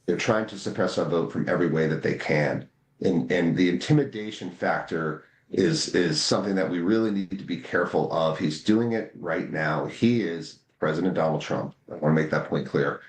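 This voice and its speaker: A man's voice: low-pitched, moderate pace, echoey room. A man speaking as a guest in a political interview, impassioned, repeating words when he gets heated. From United States. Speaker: guest, voting rights advocate.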